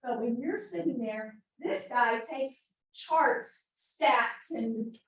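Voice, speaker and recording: A woman with a high voice coaches her real estate team in an animated way and acts out scenes as she talks. Her voice carries through an echoey meeting room, picked up from well away from the mic. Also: slow, distant mic. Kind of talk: motivational team meeting talk.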